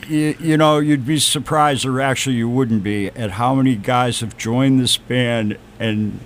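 A man speaking very slowly and deliberately recounts how he founded his band. His voice sits at a middling pitch, and faint noise runs underneath. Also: fairly even intonation. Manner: slow, thoughtful storyteller. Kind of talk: casual chat.

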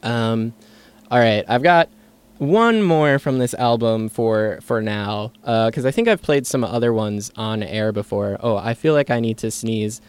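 Smooth-voiced enthusiastic male radio DJ. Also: medium pitch, unhurried. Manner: enthusiastic, rambling with many fillers and restarts. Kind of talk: casual on-air music chat. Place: radio studio. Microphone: studio microphone.

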